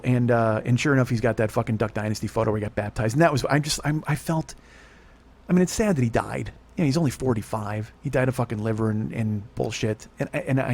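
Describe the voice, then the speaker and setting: A middle-aged man hosting a podcast, ranting in a loud, heavily profane comedic style and laughing at his own jokes. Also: medium pitch. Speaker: podcast host.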